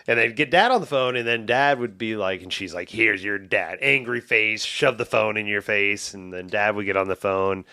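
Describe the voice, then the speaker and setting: A man in his forties, hosting a casual podcast and telling stories in a profane, animated way. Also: on the low side, normal speed, few pauses, clear, resonant tone, dry recording, studio quality. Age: 40s.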